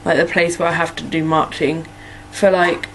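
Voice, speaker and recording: Her voice is low-pitched and level at an ordinary pace, and the rough recording carries a bit of hiss or hum. This young English-accented vlogger from Norfolk chats casually while answering follower questions, rambling along with frequent "like" and "um."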